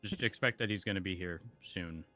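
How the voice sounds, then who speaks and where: A man's voice: deep voice, fairly quick, sharp tone, soft background music. A man playing a police officer in a roleplay discussion, asking pointed questions with many hesitations.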